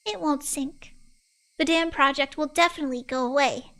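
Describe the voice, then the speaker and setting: Woman voicing a little village girl, very high, childlike, sweet, visual novel. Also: moderate pace, a bit bright. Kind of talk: reading a visual novel aloud.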